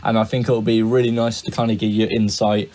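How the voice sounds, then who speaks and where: A man with a British accent introducing his chart analysis in a polite, measured, formal way. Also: fairly low pitch, little pitch movement, darkish tone. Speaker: student presenting a chart analysis. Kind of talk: prepared video intro.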